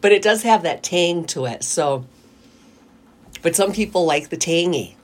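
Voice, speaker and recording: Woman, radio talk host, casual banter, teasing, low voice, husky. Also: animated, unhurried. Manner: teasing, laughs often.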